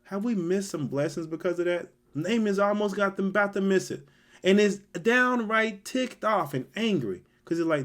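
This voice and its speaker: A man giving a sermon, reading scripture aloud and acting out the characters' lines in an animated way. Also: high voice, normal speed. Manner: animated, reads scripture then acts out characters' voices. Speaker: Bible teacher.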